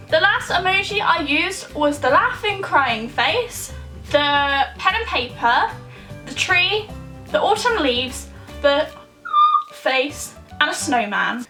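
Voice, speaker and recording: A woman's voice: sits high, bright, forceful tone, rough recording. A young woman chatting casually in a vlog, reading out viewers' questions and answering them in an upbeat way. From United Kingdom.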